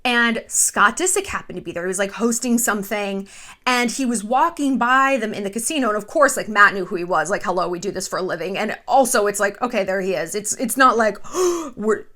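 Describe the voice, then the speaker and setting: A woman in her thirties talks with a bright, ringing voice that swoops up and down as she dishes gossip. She is loose and profane, like a host chatting with her viewers. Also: mid-range voice, fairly quick. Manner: animated, gossipy and frequently profane. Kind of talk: casual chat.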